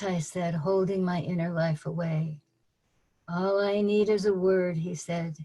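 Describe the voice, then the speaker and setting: Slow, low-voiced older woman poet. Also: steady tone, warm tone, poor audio. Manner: measured, deliberate reading with dry spoken asides. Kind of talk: poetry reading at a virtual open mic. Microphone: video call.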